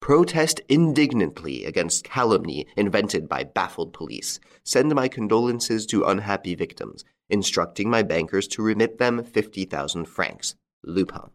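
Guy doing a low, haughty gentleman thief, dry and mocking. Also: big pitch swings, moderate pace, hardly any pauses. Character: suave mocking gentleman burglar.

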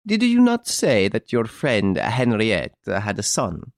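A man reading an audiobook, voicing a calm, clever chevalier who explains a theft in a smiling, deliberate way. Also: fairly low pitch, no room sound, clean studio sound, exaggerated voice.

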